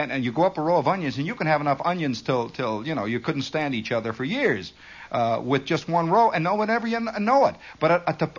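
A middle-aged man tells a long comic story in a husky voice. His pitch leaps around with lively expression, and he wanders into tangents and mimics the sounds he describes. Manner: rambling, digressive, mimics sounds, chuckles often. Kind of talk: humorous spoken-word storytelling.

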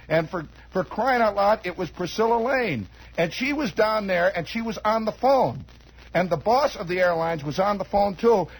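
A man's voice: sits high, husky, rough recording. A man telling a long, rambling comic story, chatty and digressive, full of asides and restarts.

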